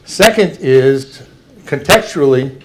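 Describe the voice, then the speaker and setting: An older man giving a public talk, slowly and carefully explaining examples to an audience. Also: mid-range voice, animated.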